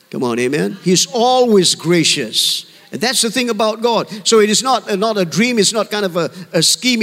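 High-voiced man preaching in a reverberant hall. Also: fairly bright tone. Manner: earnest, conversational preaching with calls for amen. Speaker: pastor. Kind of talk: sermon.

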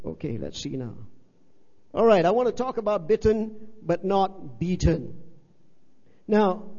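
A man preaches a sermon in a high, ringing voice, pressing his points with rhetorical questions and repeated phrases. The recording is muffled, with a long reverb trailing through the hall. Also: dark tone. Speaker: pastor.

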